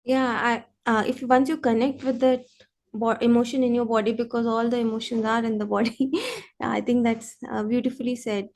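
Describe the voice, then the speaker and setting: High-voiced woman podcast host. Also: little pitch movement, normal speed, darkish tone. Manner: thoughtful, affirming, asks follow-up questions. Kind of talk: interview conversation.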